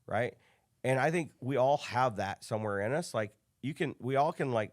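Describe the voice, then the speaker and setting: A man's voice: mid-range voice, normal speed. A man in his thirties from the Chicago area, a business coach telling stories as a guest in a casual podcast interview, acting out the dialogue he quotes. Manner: animated storyteller, acts out quoted dialogue.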